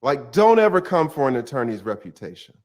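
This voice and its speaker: A man's voice: mid-range voice, sing-song, brisk. A man, a retired defense attorney, giving joking legal commentary with laughing, playful asides.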